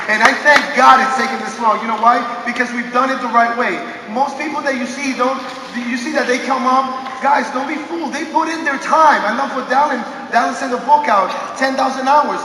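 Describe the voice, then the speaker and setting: A man giving an energetic motivational speech on a convention stage, telling stories and often calling out "guys" to the audience. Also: extremely high pitch. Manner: energetic, storytelling, often calls out "guys", bursts into shouts. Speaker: motivational speaker at a business convention. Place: large convention hall stage. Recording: echoey hall, distant mic, audience noise.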